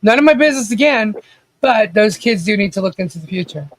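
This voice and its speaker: A man with a strikingly high voice hosts a casual livestream, ranting bluntly and cursing freely with lively intonation and a quick pace. He pauses between points to read viewer chat comments aloud, staying offhand and conversational. The sound has no echo.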